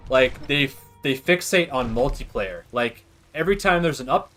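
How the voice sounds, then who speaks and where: A man's voice: medium pitch, expressive, normal speed, fairly bright tone, faint music behind. A man streaming a game and chatting casually, rambling through opinions with lots of "like" and fillers. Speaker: livestream gamer. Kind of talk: casual gaming commentary.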